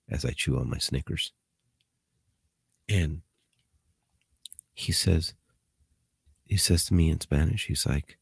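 A man's voice: extremely low pitch, measured pace, vocal fry, long pauses, husky, no echo. A man hosting a podcast, telling a prison story in a laid-back, profane way with bits of Spanish. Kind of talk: casual storytelling.

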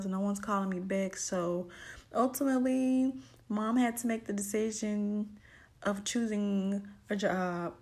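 A woman's voice: mid-range voice, a little mellow. A young woman telling her own story as a single mother and autism advocate, with emotional reenactments of her own thoughts. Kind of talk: personal testimonial.

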